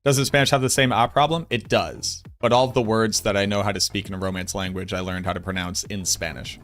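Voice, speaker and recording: Playful low-voiced Boston streamer man. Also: steady tone, a little fast, a bit bright, soft background music. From Boston, United States. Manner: playful, chatty, greets viewers and answers chat. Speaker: game streamer. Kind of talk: casual livestream chat.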